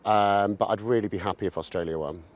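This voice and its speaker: Man, fan, vox pop, low voice, fast speech, friendly. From England. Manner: friendly, good-humoured.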